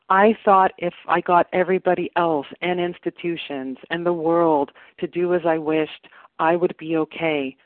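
A woman's voice: on the low side, dry recording. A woman giving an earnest, reflective personal share at a recovery meeting, on a phone call. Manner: earnest, reflective, slow emphatic phrases. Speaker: meeting member sharing. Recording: tinny phone line.

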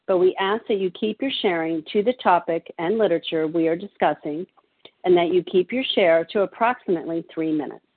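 Husky lady reading meeting rules, steady, sounds like a phone call. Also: fairly low pitch. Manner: steady, procedural. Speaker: meeting chair. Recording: tinny phone line.

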